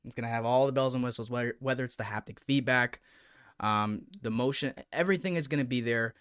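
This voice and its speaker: A young man from the United States chatting on a live stream, excitable and rambling as he talks to his viewers. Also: mid-range voice, quick pace, smooth. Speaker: YouTube VR streamer. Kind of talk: casual live-stream chat.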